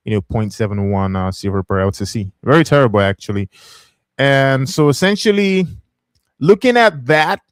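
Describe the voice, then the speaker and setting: A man in mid pitch hosts a casual livestream, talking through charts in a loose, chatty way and breaking into easy laughs. His voice is recorded close and dry, with almost no room sound. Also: no room sound. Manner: chatty, laughs easily, reads comments aloud. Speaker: livestream host. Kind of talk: casual livestream market commentary.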